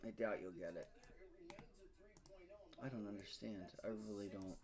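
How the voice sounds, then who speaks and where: A man's voice: on the low side, steady tone, normal speed, crowd noise. A man hosting a live day-trading stream, frustrated and swearing, muttering to himself as he talks to viewers. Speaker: day trading livestream host.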